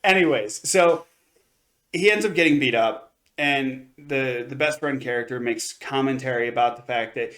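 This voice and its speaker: In casual review chat, an anime podcast co-host recaps an episode, rambling with lots of fillers and restarts. His voice is mid-range and fairly bright, delivered at normal speed.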